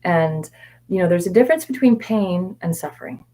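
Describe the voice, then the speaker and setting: A woman coaching viewers in a live question-and-answer session, candid and meandering, with fillers and self-corrections, sometimes dropping to soft whispered repetitions. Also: on the low side, animated, normal speed. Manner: soft-spoken, drops to quiet whispered repetitions. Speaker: mindset coach.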